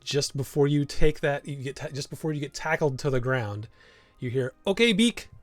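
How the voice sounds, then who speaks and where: A man's voice: mid-range voice, fairly even intonation, moderate pace, no echo, soft background music. Laid-back male game master. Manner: laid-back narration with frequent laughs and fillers. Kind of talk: narrating a tabletop game.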